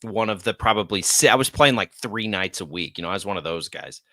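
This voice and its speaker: A man hosting a sports radio show in casual, energetic talk, with an American accent. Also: fairly low pitch, fairly quick, no echo, clean studio sound. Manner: chatty, energetic, reads ad copy.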